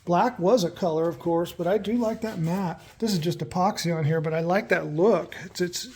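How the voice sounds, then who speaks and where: A man with a notably high voice chats casually, as if showing friends around his garage workshop. His talk is relaxed and easygoing, full of asides. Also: moderate pace, slightly rough. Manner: relaxed, chatty, talks to his dogs. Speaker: vlogger building a truck.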